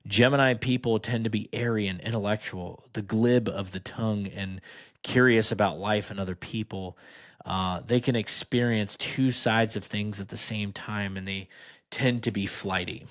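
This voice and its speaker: A man's voice: fairly low pitch, steady tone, normal speed. A man hosting a podcast, reading items aloud and riffing on them with mocking, sarcastic asides. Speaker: podcast host. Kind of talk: casual sarcastic commentary.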